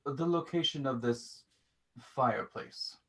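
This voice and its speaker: A man's voice: medium pitch, takes it slowly, vocal fry. A man voicing a haughty, condescending fae noble in a tabletop game. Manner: cold, condescending.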